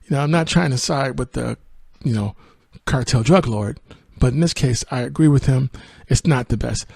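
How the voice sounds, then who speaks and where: A man's voice: mid-range voice, normal speed, creaky, darkish tone, slightly rough, dry recording, clean studio sound. A man hosting a podcast, casually retelling and reviewing a film in a rambling way. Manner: rambling, with fillers and laughs. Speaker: podcast host.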